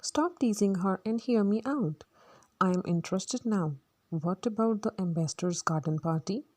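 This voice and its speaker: Woman reading gentlemanly captain, measured, reassuring, warm mellow tone. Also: medium pitch, no room sound, close to an everyday voice. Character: genial gentlemanly army captain.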